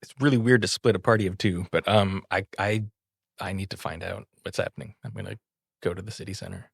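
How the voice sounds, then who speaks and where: Gravelly low man playing a tabletop hero. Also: steady tone, fast talker, no room sound, clean studio sound. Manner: earnest, hesitant, laughs easily. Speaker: player. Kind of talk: playing a tabletop game in character.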